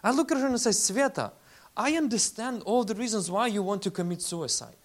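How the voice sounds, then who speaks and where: A man, a faith-based relief leader giving a lively testimony talk with slides and acting out the people he quotes. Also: sits high, brisk. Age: 40s. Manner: animated storyteller, acts out quoted voices.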